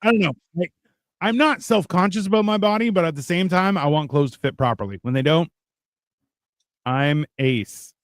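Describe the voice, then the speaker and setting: A man's voice: a little high, moderate pace, no room sound, clean studio sound. A man hosting a live stream, bantering casually and mocking others with frequent swearing. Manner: joking, mocking, swears a lot.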